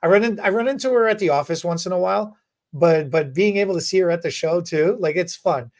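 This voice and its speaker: A man co-hosting a beauty podcast, telling stories in a lively, casual way and often repeating words. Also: high voice, quick pace. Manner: animated, repeats words, acts out quotes. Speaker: podcast co-host, hair educator. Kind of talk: casual storytelling chat.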